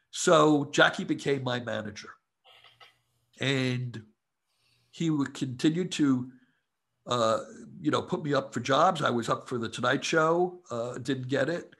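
A man, a comedy writer, telling relaxed anecdotes as a guest in an interview. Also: mid-range voice, normal speed, creaky, husky. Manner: relaxed anecdotal storyteller who acts out quotes. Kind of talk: casual storytelling interview.

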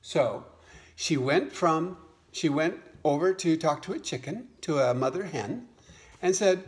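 A man telling a playful farmyard story to a child. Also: fairly high pitch. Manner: animated, playful, unhurried. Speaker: father telling a bedtime story.

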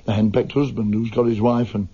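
Brief: husky male commentator, old dull radio sound. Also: on the low side, little pitch movement, mellow. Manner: admiring, measured. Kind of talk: radio tribute.

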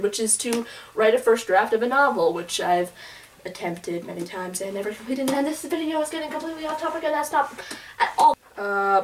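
Gushing, excitable young-sounding woman. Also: on the high side, recorded from a distance. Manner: gushing, excitable fangirl rambling. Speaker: book vlogger. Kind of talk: casual book review chat.

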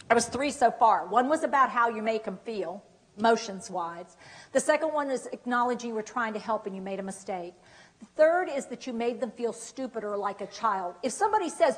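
A woman giving a dementia care training workshop, lively and animated, often acting out examples. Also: a little high, normal speed. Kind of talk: workshop lecture.

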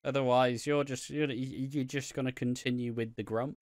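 A man's voice: medium pitch, fairly even intonation, normal speed, no room sound, studio quality. A man co-hosting a podcast, talking in a grumpy, blunt and sweary way in casual chat. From Britain. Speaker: podcast co-host.

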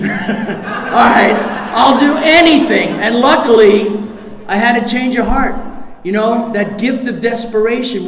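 Man, recovery meeting speaker, high voice, animated storytelling, echoey hall, audience behind. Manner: animated storyteller, acts out voices, shouts punchlines. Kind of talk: recovery share to a live audience.

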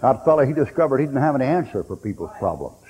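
A preacher man tells folksy stories from the pulpit, slipping into the voices of the people in them. His tone is dark and husky, and the recording carries a long hall reverb. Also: mid-range voice, very animated, racing. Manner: folksy storytelling preacher, acting out quoted voices. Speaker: pastor. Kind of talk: sermon.

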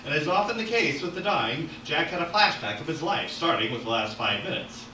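A man reads his own novel aloud at an open-mic night, animated and breaking off for asides. His voice is bright and forceful. It echoes in a roomy art gallery, picked up from a distance, with faint room noise behind. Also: a little high, fairly quick. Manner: animated, with asides and self-corrections. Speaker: author reading his novel. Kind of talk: dramatic reading at an open mic.

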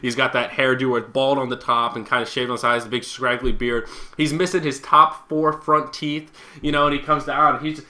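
A man's voice: medium pitch, a little fast, few pauses, sharp tone. A young man co-hosting a casual talk show, rambling and repeating words as he starts his sentences. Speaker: podcast co-host. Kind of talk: casual chat.

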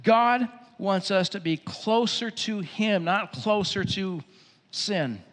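A high-voiced man delivers a sermon with emphatic, repeated phrases. His voice rings through a church venue with a long reverb tail. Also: a bit bright. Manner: emphatic preaching with repeated phrases, drops low and quick for storytelling. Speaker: pastor.

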